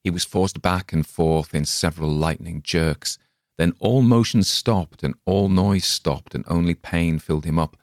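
Deep-voiced man reading a dark tale. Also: measured pace, no echo, clean studio sound. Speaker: story narrator. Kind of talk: dramatic story reading.

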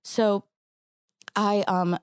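A woman stage actress chatting as an interview guest, telling stories in an animated way with quick restarts. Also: medium pitch, clear, resonant tone, no echo, studio quality. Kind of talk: casual interview chat.

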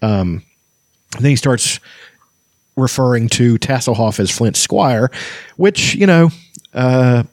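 A man's voice: mid-range voice, expressive, slow, long pauses, darkish tone, dry recording, studio quality. Chatty man discussing a fantasy book. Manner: chatty, enthusiastic, many fillers and restarts. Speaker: podcast host. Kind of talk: casual book discussion with read-aloud passages.

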